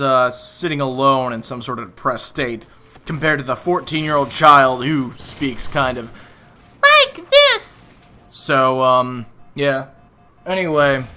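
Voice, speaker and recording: A man's voice: mid-range voice, bright, forceful tone. A man, a voice actor, talking casually in a vlog commentary, rambling with lots of fillers and frank complaints.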